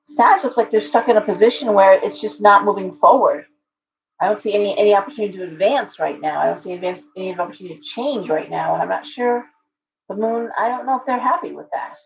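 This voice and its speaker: A woman with a gravelly edge in her voice hosts a casual live tarot reading. She thinks out loud, restarting her sentences and chatting to viewers as she turns the cards. The audio is dull and lo-fi, like a home stream. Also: medium pitch, fast talker.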